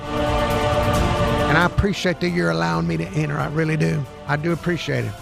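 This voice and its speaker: A man's voice: a little high, steady tone, normal speed, creaky, loud music behind the voice. A man hosting a talk radio show, chatting folksily and rambling, repeating phrases as he talks to listeners.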